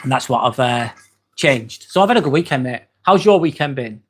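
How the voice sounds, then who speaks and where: A man's voice: mid-range voice, a little fast, breathy edge. A man with an English accent hosting a casual live stream, chatting loosely, reading viewer comments aloud and dropping in the odd swear word. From England. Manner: chatty and relaxed, with frequent ums and casual swearing. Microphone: phone.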